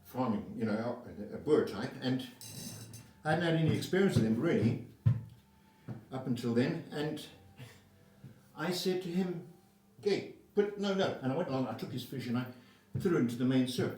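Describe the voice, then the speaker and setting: An older South African man with a medium-pitched voice speaks at normal speed, pausing often, as he tells a rambling, profane personal anecdote casually and with animation. The recording has a roomy echo from a distant mic.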